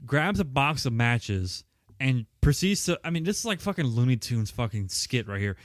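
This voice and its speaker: Swearing, lively-voiced podcast co-host man. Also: mid-range voice, moderate pace, no echo, studio quality. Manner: swearing, exasperated, laughing retelling of scenes. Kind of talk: casual film-review chat.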